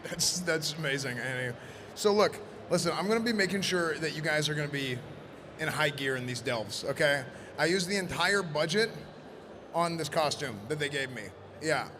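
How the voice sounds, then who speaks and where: A man presenting in costume at a live event, joking and rambling loudly. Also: a little high, moderate pace. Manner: playful, rambling, loud. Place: convention event floor. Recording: noisy convention floor.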